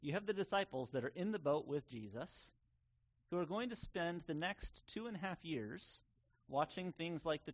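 A man preaching a sermon in an earnest, conversational way, sometimes pausing on fillers. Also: on the high side. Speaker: pastor.

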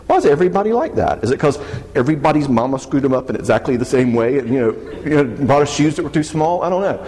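A man's voice: medium pitch, animated, quick pace, a little mellow, a little hiss or hum. A man giving a church teaching talk on marriage, joking and asking the audience questions. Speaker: speaker on faith and marriage. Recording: long hall reverb.

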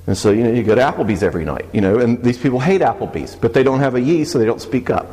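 Male speaker, lively and humorous, church talk, long reverb. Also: medium pitch, very fast. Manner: lively, joking, asks the audience questions. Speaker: speaker on faith and marriage.

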